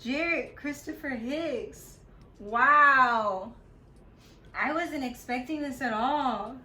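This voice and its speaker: A woman's voice: high-pitched, takes it slowly, fairly bright tone, roomy sound. A woman vlogger crying with joy, giggly and tearful, repeating exclamations in casual chat.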